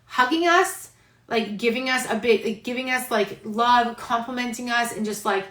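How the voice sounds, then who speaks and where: A woman's voice: fairly high pitch, steady tone, normal speed, fairly bright tone, roomy sound, rough recording. A pregnant woman hosting a casual live-stream chat, rambling and heartfelt, saying "like" constantly. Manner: chatty, rambling, heavy use of "like"; heartfelt, near tears. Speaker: host. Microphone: phone live stream.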